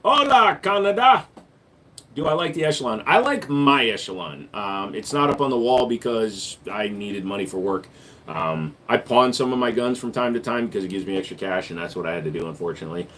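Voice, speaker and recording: A man hosting a casual livestream, answering viewer questions with a relaxed, joking manner that gets louder when he hypes up the chat. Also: lowish voice, a little fast, slight background noise. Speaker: livestream host and gun store owner.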